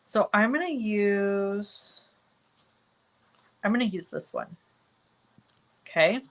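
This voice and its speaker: On a low-quality recording, a crafting stream host leads a live cardmaking tutorial at a slow pace, her medium-pitched voice full of lively intonation. She chats while she works and replies to viewer comments by name, frequently making fun of herself.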